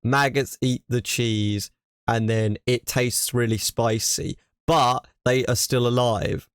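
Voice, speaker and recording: A man's voice: medium pitch, slow pace, smooth, no room sound, studio quality. English man ranting on a stream. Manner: ranting, animated, repeats himself. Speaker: streamer reacting to a video. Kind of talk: casual reaction chat.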